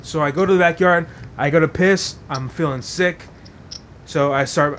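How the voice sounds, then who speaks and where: A male podcast host tells a story in a loose, rambling way, swearing constantly and leaning on fillers. His voice sits a bit high for a man. A faint low rumble runs underneath. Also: normal speed, a bit bright. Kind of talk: casual storytelling.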